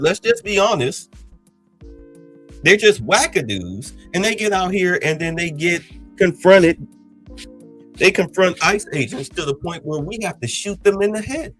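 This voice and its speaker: A man's voice: on the high side, sing-song, moderate pace, fairly bright tone, faint music behind, rough recording. A man hosting a podcast, giving heated, blunt political commentary in an agitated, ranting way. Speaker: podcast host.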